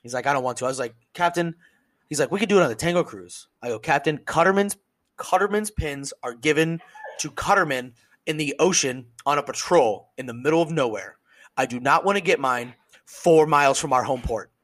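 A man co-hosting a casual podcast, telling a profane, animated story and acting out what other people said. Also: fairly high pitch, brisk. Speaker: podcast co-host, service member.

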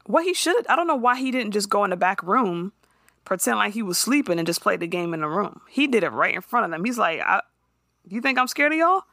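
A woman co-hosting a podcast, recapping a show in casual chat with animated, profane storytelling and quick character impressions. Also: mid-range voice, no room sound, clean studio sound.

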